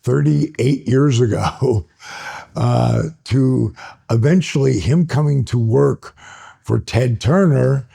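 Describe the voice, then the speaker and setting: Man, sixties, very gravelly, husky, dark tone, animated storyteller, interview guest. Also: mid-range voice. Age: 60s. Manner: animated, builds stories up excitedly, laughs between phrases. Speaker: guest, retired pro wrestler.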